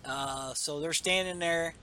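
A man hosting a casual comic book podcast, rambling and filler-heavy. His voice is bright and a little high for a man. A faint hiss sits underneath. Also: measured pace. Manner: rambling, many fillers, self-deprecating asides. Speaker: podcast host.

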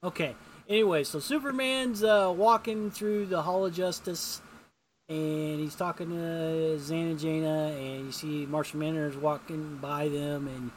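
A man's voice: fairly high pitch, steady tone, unhurried, a little hiss or hum. A man co-hosting a casual podcast, recapping a comic in a rambling way and acting out the characters' lines in a raised voice. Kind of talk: casual chat.

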